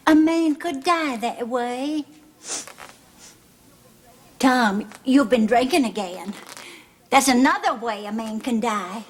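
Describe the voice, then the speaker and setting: A woman's voice: a little high, animated, takes it slowly, pauses often. An actress playing a fretful middle-aged mother in a 1970s TV soap, fussing, scolding and pleading.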